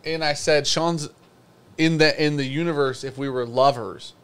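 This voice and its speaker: A man's voice: fairly high pitch, fairly even intonation, moderate pace, fairly bright tone, smooth. A man co-hosting a live whiskey show, chatting casually in a loose, joking, rambling way. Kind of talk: casual live-stream chat.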